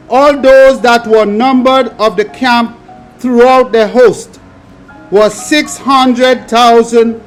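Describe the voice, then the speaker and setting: A man preaching, reading scripture aloud and adding emphatic commentary in a slow, drawn-out delivery. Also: extremely high pitch.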